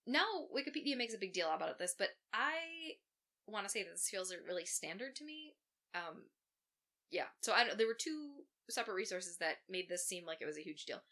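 Female podcast co-host, casual true-crime storyteller, profane and sarcastic, bright forceful voice. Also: mid-range voice, very animated, a little fast. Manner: profane, sarcastic asides while recounting facts.

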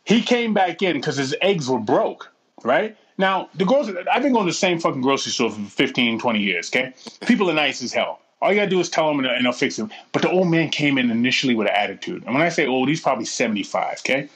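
A man's voice: medium pitch, sing-song, fast, fairly bright tone, breathy edge. A man co-hosting a podcast, telling stories casually with lots of swearing and laughter, acting out the people in them. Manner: profane, laughing, acts out voices in his stories. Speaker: podcast co-host. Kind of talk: casual storytelling chat.

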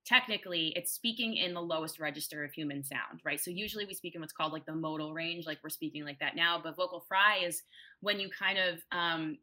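Bright-voiced young woman explaining linguistics. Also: low voice, a little fast. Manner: explains patiently, heavy use of "like" and "right?". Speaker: guest linguist. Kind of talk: casual podcast explanation.

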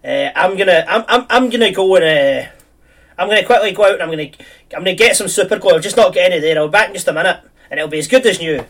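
A man's voice: high voice, quick pace, a bit bright, far from the mic. A man playing a flustered father who stammers out a hesitant excuse. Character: flustered fibbing father, middle-aged man.

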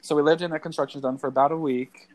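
A young man trades stories on a casual podcast with his roommate, joking and animated as he talks. His voice sits a little high for a man. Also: fast talker. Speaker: podcast co-host. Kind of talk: casual chat.

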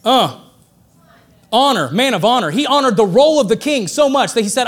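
A man preaching a sermon with a notably high voice. He talks in a relaxed, joking way and builds up excitedly when he drives a point home. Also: fairly quick. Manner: conversational and joking, rising excitedly for emphasis.

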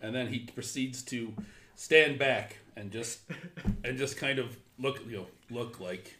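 A man's voice: medium pitch, unhurried, bright, forceful tone, reverberant. A man playing a tabletop game, describing what his character does, with frequent restarts. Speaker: player. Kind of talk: tabletop role-play.

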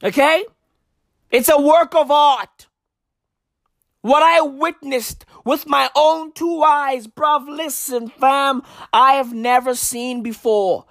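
Woman comic from South Africa, sarcastic slang-heavy rant, unhurried delivery, slightly high voice. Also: steady tone, gravelly, a bit bright, no room sound, studio quality. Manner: mock-serious, heavy street slang, profanity.

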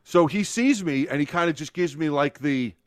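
A man's voice: on the high side, moderate pace, no room sound, studio quality. A man co-hosting a podcast, telling a long story in casual chat, swearing freely and acting out what people said. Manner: animated storyteller, swears freely, acts out quotes. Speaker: podcast co-host.

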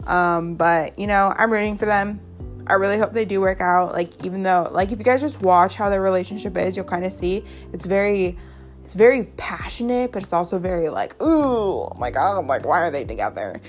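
A woman's voice: medium pitch, brisk, faint music behind. A young woman hosting a podcast, chatting casually and gossiping bluntly, swearing freely and saying "like" a lot. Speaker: podcast host. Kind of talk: casual chat.

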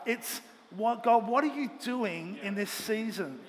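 A pastor preaching a Sunday sermon with earnest, emphatic delivery, speaking in a church auditorium. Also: male voice, sits high, unhurried. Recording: long hall reverb, faint ambient noise.

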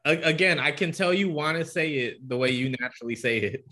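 A man's voice: on the high side, fairly quick, pushed and bright. A man from Florida in a casual chat, teasing a friend and coaching his pronunciation.

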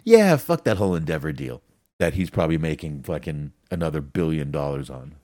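Male podcast co-host, very deep, dry close sound, blunt, profane. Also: very animated, a little fast, darkish tone, no room sound. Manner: blunt, swears a lot, laughs often. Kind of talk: profane wrestling podcast chat.

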